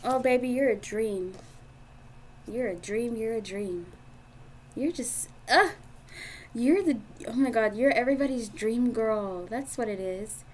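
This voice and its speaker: A woman's voice: a little high, measured pace, slight background noise. A woman doing a casual tarot reading monologue, giggly and gushing, emotional and swearing freely. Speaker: tarot card reader. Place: indoors at a table.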